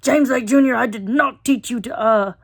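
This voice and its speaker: A woman's voice: a little high, moderate pace, pitched above the performer's own voice. A woman putting on the scolding dad voice of a male troll mentor from a cartoon.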